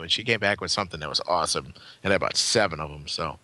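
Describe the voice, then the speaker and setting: A man chatting on a podcast, bluntly telling stories with plenty of swearing. His pitch swings widely and his tone is bright. The sound is dry and close. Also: expressive, very fast, no echo. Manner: blunt storyteller, swears freely, acts out quotes. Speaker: podcast co-host. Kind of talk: casual podcast chat.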